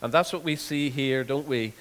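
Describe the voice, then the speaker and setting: A man preaching a sermon, earnest, repeating words and slowing down to stress scripture. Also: mid-range voice, fairly bright tone. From Northern Ireland. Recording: long hall reverb.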